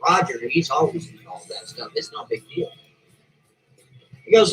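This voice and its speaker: A man's voice: a little high, very animated, moderate pace, long pauses, fairly bright tone, faint music behind, low-quality recording. A man telling a story casually in a rambling way, often checking in with his listeners. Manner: rambling, asks listeners "right?" and "see?".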